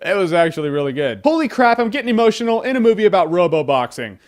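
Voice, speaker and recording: A young man reviews a movie in an excitable, joking way, tossing off quick asides. His voice sits high, and he talks at a rapid clip. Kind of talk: energetic video review.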